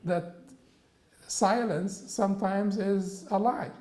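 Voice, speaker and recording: A man giving a religious classroom lecture, halting with frequent restarts and rhetorical questions. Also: sits high, fairly even intonation, dark tone, echoey room, poor audio.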